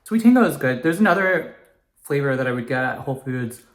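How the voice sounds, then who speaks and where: A man's voice: mid-range voice, lively intonation, fairly quick. Chatty man vlogging at home. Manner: chatty, rambling, explains skincare science. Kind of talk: casual vlog chat. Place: home, indoors.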